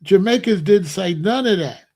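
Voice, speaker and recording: A man's voice: sits high, lively intonation, moderate pace, warm tone. A man hosting a livestream, answering chat and lecturing insistently, repeating his points. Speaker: streamer host.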